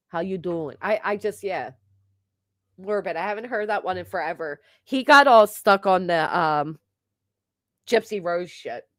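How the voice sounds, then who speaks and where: Livestream host, woman, mid-pitched and gossipy, on a dry close mic. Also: no echo. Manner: chatty, gossipy, laughs often. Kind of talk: casual livestream chat reading comments.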